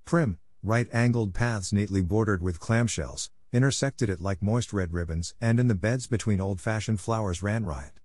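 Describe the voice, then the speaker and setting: A man reading a classic novel aloud in measured, expressive scripted narration. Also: on the low side, no room sound. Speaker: audiobook reader.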